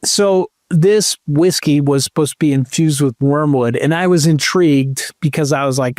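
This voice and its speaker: A man's voice: fairly high pitch, a little mellow, dry recording. Man, podcast co-host, casual joking chat, dry close sound. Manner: rambling, jokey, slow storytelling.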